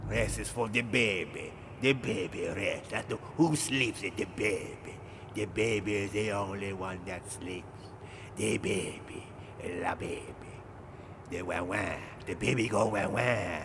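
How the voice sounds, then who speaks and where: A man's voice: on the low side, very slow, long pauses. A man putting on a goofy, exaggerated villain voice with singsong, repetitive baby talk. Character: goofy male cartoonish villain voice. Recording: noisy background.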